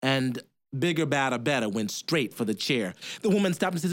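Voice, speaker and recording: A man telling a folk tale, in a lively, rhythmic way with sound effects. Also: medium pitch, normal speed. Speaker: storyteller.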